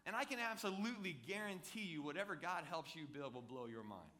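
Bright-voiced man preaching a casual sermon. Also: high voice, fast. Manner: conversational, joking, animated with props. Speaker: pastor.

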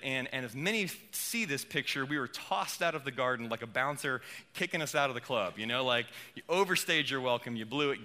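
A man preaching a sermon in a casual, animated way, with playful asides. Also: medium pitch. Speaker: pastor.

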